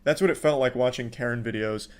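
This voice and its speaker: A young man giving sardonic reaction commentary in a deadpan way, swearing a lot. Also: medium pitch, fast, clear, resonant tone. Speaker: commentary YouTuber.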